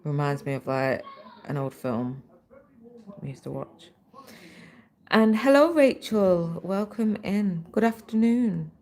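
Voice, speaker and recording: Speaking slowly with frequent pauses, this British livestream host chats animatedly and reads out viewer comments as she stitches. Her lowish voice is slightly mellow, picked up by a laptop mic.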